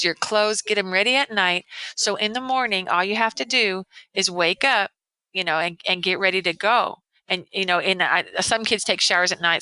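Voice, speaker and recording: Bright-voiced older woman educator, rambling. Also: mid-range voice, clean tone, no echo, rough recording. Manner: earnest, rambling, many restarts. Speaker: veteran educator, podcast guest. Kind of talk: casual interview chat.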